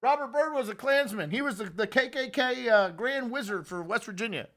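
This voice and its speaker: A man hosting a political podcast, giving opinionated and animated commentary. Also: extremely high pitch, fairly quick. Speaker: podcast host.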